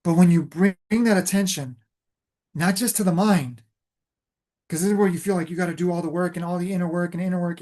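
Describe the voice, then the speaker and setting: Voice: medium pitch, steady tone, brisk, a little mellow. Emphatic spiritual coach talking. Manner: emphatic, repeats phrases for stress; loose, filler-heavy delivery. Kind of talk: motivational talk.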